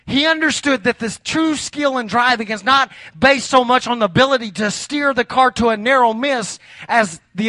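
A man's voice: sits high, sharp tone, dry recording. A man preaching a morning sermon, moving from earnest warnings to a long joke told with character voices. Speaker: pastor.

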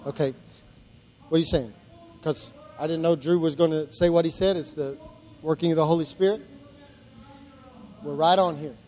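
A man's voice: a little high, fairly even intonation, normal speed, pauses often, mellow, long reverb tail. A male pastor preaching a sermon in church, building to emphatic repeated lines.

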